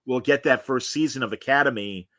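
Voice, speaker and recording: Opinionated guy chatting fan stuff, bright forceful voice, dry close mic. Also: mid-range voice, a little fast, no room sound. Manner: opinionated, animated, trailing restarts. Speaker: podcast co-host. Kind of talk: casual chat.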